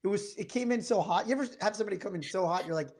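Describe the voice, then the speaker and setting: A man in his thirties co-hosting a podcast in casual chat, telling a story in a lively way and acting out the lines of the people in it. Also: sits high, very fast. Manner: animated storyteller acting out quoted exchanges. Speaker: podcast co-host.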